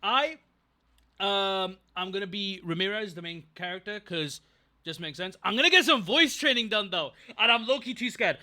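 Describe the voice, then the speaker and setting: A man's voice: high voice, lively intonation, normal speed, pushed and bright. A young man chatting casually on a livestream, rambling, getting distracted and thanking viewers from chat. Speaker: streamer.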